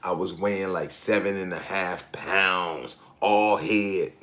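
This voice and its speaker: A man's voice: low-pitched, fairly even intonation, slow, fairly bright tone. A man in his sixties casually chatting on a live stream, reading viewer comments aloud and laughing often. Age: 60s. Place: outdoors in hot weather in Thailand.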